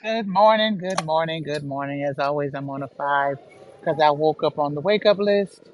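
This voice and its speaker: A man from Northwest Ohio co-hosting a podcast, giving an upbeat, steady morning check-in over a remote connection. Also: fairly high pitch, normal speed, highs cut off, slight background noise. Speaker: podcast co-host, elder.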